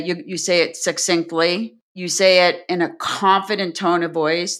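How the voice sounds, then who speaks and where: Low-voiced chatty woman scientist. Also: fairly bright tone. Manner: chatty and anecdotal. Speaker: senior scientist. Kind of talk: conversational interview.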